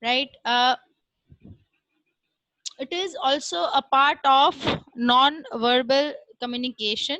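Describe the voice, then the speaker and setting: A woman giving a recorded classroom lecture, explaining step by step with frequent "uh" pauses and "right?" checks. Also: high-pitched, sharp tone, dry recording, highs cut off.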